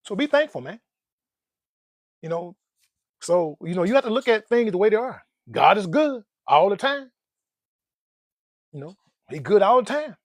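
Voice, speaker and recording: A playful man talks about money and life in a high, lively voice, laughing often and dropping folksy slang. The sound is close and dry. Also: normal speed, long pauses, dry recording. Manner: folksy slang, calls listeners "man" and "dog". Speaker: personal finance vlogger. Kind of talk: casual motivational talk.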